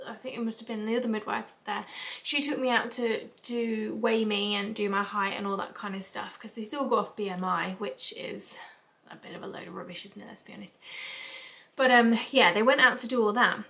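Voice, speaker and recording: A woman's voice: medium pitch, fairly even intonation, a little fast, creaky, sharp tone. A young British woman vlogging in a rambling, casual, confessional way, tearful and emotional. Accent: British English. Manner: chatty, rambling with fillers and asides.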